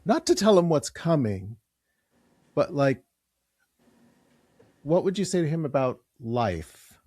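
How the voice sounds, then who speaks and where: A man's voice: fairly high pitch, big pitch swings, slow, darkish tone, breathy edge, no room sound, clean studio sound. A man hosting an interview podcast, asking questions in an easygoing way and laughing readily. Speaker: podcast host. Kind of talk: conversational interview.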